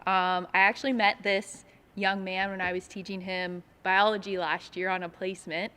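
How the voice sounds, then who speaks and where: A woman's voice: mid-range voice, little pitch movement, normal speed, sharp tone, smooth. A woman teacher presenting an award at a school ceremony, speaking hesitantly with many ums. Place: school gym or auditorium.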